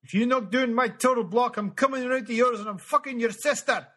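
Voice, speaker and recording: A man's voice: very high-pitched, brisk, a bit bright. A man co-hosting a comedy podcast, rattling off crude one-line jokes while switching to a different regional accent on each line. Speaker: podcast co-host. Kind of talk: comedy sketch doing a quick run of regional accents.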